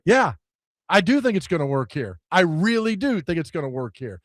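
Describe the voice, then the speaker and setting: A man's voice: on the high side, lively intonation, normal speed, a bit bright, no echo, clean studio sound. A man co-hosting a sports talk radio show, chatting casually and animatedly, joking and slipping into mock voices. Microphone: studio microphone.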